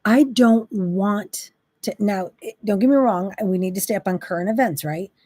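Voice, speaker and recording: A woman's voice: mid-range voice, normal speed, a little mellow, dry recording. A woman hosting a faith-based monologue, talking in an impassioned, exasperated, preachy way. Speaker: Christian talk host.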